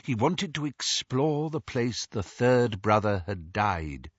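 A man reading the part of an old, remorseful male wizard mentor who speaks softly and haltingly. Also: mid-range voice, very animated, breathy edge, no room sound, muffled recording, full character voice. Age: older. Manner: soft, halting, confessional.

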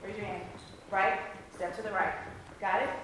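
A woman giving brisk rehearsal notes to a cast as their choreographer, checking often that they understand. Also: medium pitch, fairly even intonation. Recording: echoey room, taped from far off, noisy.

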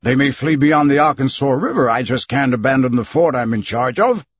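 A man's voice: mid-range voice, a little fast, slightly rough, no room sound, dull audio, close to an everyday voice. A man voicing a proud, stern army captain who speaks in a raised, emphatic voice.

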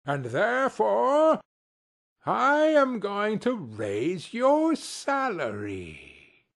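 A man's voice: high voice, huge pitch swings, extremely slow, pitched above the performer's own voice, heavily acted. A man reading an audiobook, voicing an old man who plays stern and then turns hearty and generous. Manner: gruff mock sternness turning hearty. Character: old man, reformed miser, suddenly jovial. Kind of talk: storybook reading.

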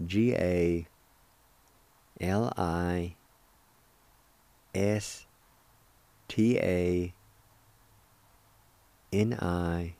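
Slow, patient male radio language teacher. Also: sits low, dark tone, no echo. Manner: patient, spells out and repeats each word syllable by syllable. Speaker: radio host teaching Cherokee words.

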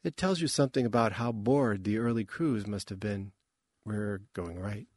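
A man voicing a guarded young woman who guides newcomers, speaking in low, dry murmurs. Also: normal speed, a little mellow, dry recording, natural voice. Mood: wry.

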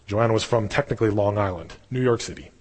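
A young man preaching a sermon in a casual, animated storytelling way. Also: on the low side, fast talker, breathy edge. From Canada. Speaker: pastor. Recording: long hall reverb.

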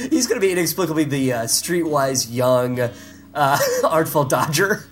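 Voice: medium pitch, big pitch swings, a little slow. A podcast co-host in casual chat who riffs playfully on made-up movie plots, laughing often. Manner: playful, rambling, laughs often while riffing.

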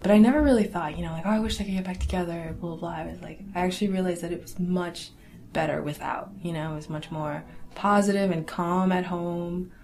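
A young woman telling a personal family story in a casual, halting way, full of "like" and "you know.". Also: fairly low pitch, darkish tone, slight background noise. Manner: casual, halting, lots of fillers and restarts; laughs wryly through awkward memories. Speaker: interviewee.

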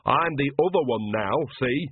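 A man's voice: mid-range voice, expressive, moderate pace, breathy edge, no echo. A man voicing a shameless, earthy old witch who talks bluntly. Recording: tinny phone-like dry sound.

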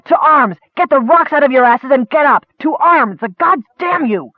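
A man voicing a tense, bearded male soldier captain in an audiobook, speaking low and hushed and breaking into roared orders. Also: expressive, normal speed, no room sound. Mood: roaring. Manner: low hushed menace, bursts into roaring orders. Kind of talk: audiobook character voice. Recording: dry, tinny phone-like sound.

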